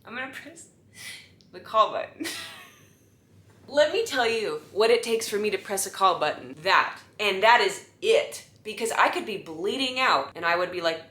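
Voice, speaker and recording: A woman in her thirties telling a funny story in a casual monologue, animated and exasperated, dropping to hushed asides and rising to loud bursts. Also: unhurried. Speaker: storyteller vlogger. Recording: roomy echo with faint rumble.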